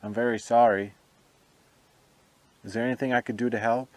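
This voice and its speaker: A man exploring a forest cemetery as a ghost hunter, gently asking questions aloud to an unseen presence. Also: medium pitch, steady tone, normal speed, dry recording. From United States. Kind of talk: paranormal investigation vlog.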